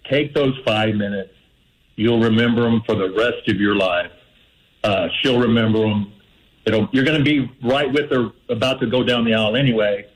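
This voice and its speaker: A man's voice: lowish voice, normal speed, rough recording. A man calling in to a radio show, giving earnest, friendly advice with a few fillers. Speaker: caller. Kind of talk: phoned-in advice.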